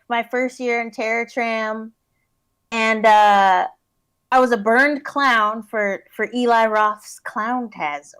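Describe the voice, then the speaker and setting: A woman's voice: on the high side, fairly bright tone. A woman guest in a casual interview, a giggly, rambling storyteller who fills her talk with "like". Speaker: guest, haunt scare actor. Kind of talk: casual chat.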